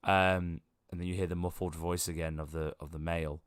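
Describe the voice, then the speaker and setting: A man runs a tabletop game in a low, unhurried voice, padding his descriptions with ums and likes. The sound is dry and close, with no room around it. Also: clear, resonant tone, no room sound. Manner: relaxed, filler-heavy describing. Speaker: game master.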